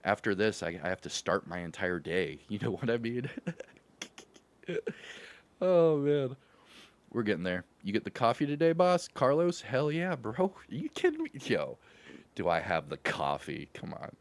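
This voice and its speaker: A man's voice: on the low side, sing-song, unhurried. A man from Louisville hosting a gaming livestream, greeting his chat in an upbeat, slangy way and laughing often. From Louisville, Kentucky. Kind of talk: casual livestream chat with viewers.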